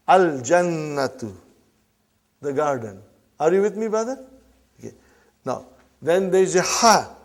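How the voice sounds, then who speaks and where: A man teaching Arabic to a live class, repeating each word slowly and often checking in with the students. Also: a little high.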